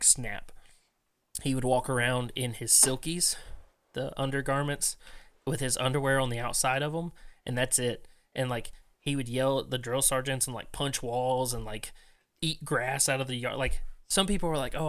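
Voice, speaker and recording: A young man tells a story as a podcast guest, relaxed and talkative. His voice sits at an ordinary middle pitch. He leans on filler words as he goes. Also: normal speed. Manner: chatty, many fillers like "like" and "man". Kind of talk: casual storytelling.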